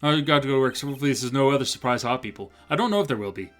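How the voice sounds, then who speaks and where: A male streamer chatting through a live game in a mid-pitched, easygoing voice. He rambles and laughs easily, with faint music in the background. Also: rapid-fire, hardly any pauses, a bit bright. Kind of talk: live gameplay commentary.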